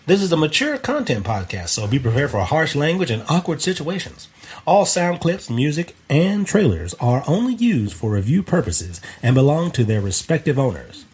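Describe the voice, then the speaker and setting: A man's voice: on the high side, very animated, normal speed, a little mellow, husky. A man hosting a movie podcast, reading the intro and chatting loosely. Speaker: podcast host. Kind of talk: scripted show intro and casual chat.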